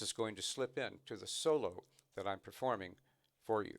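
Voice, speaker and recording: A man's voice: fairly low pitch, normal speed, gravelly. A man teaching snare drum technique, patiently explaining and counting rhythms aloud between demonstrations. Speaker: drum instructor. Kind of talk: instructional demonstration.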